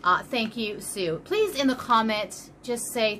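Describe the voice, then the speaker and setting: A woman's voice: a little high, expressive, moderate pace, hardly any pauses, bright, forceful tone, slight background noise. Bubbly, rambling woman in her fifties. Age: 50s. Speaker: crochet channel host. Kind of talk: casual vlog chat, unboxing.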